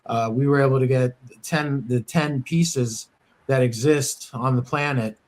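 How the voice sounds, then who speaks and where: A man's voice: medium pitch, a little slow, a little mellow. A man from the United States hosting a coin dealer podcast, talking casually with many fillers and restarts. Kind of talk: casual shop talk podcast.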